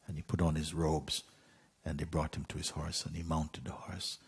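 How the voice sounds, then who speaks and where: A man gently telling a parable as a spiritual teacher, unhurried, with pauses and soft fillers. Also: extremely low pitch, level tone, husky. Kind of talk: gentle spoken storytelling.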